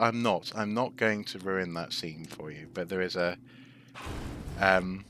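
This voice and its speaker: A man streaming a video game, chatting in a rambling, self-correcting way as he plays. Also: low voice. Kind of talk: gameplay commentary and chat. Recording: steady background noise.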